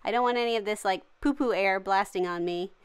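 A woman's voice: mid-range voice, fast talker, clear, resonant tone. A woman hosting a gaming channel, giving cheery, jokey and dramatic running commentary as she plays. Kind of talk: playful game commentary.

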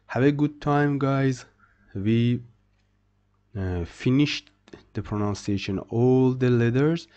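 Brief: male tutor, unhurried drilling delivery, mellow tone, repeats words for learners. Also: mid-range voice. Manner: repeats each word slowly, then translates. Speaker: French teacher. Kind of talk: slow beginner pronunciation lesson.

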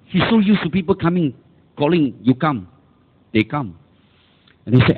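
A man's voice: sits high, expressive, moderate pace, pauses often, husky, phone-quality sound. A man with a Malaysian English accent, preaching a sermon as pastor and calling the congregation for amens. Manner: emphatic, calls for amens and repetition.

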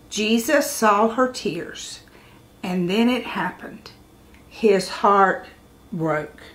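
A woman reading a picture book aloud to children, expressive, with dramatic pauses. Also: mid-range voice. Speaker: children's storyteller.

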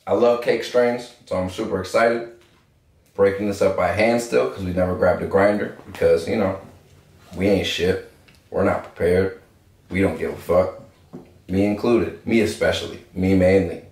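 This cannabis strain reviewer speaks in a low, steady, slightly mellow voice at a moderate pace. Brash and joking, he delivers a casual, profane review packed with swearing and banter. The recording comes from an echoey room with faint background noise.

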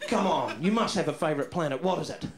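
A man doing a stand-up comedy set on a club stage, loud and excitable, swearing freely and working the crowd. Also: a little high, fast talker, gravelly. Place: comedy club stage in front of a live audience. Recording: roomy club sound with crowd laughter.

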